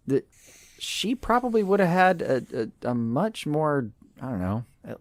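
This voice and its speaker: A man co-hosting a podcast, thinking out loud and trailing off as he spins theories. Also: fairly high pitch, big pitch swings, a little slow, no room sound. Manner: muses aloud, trails off, repeats words. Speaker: podcast co-host. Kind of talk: casual podcast chat.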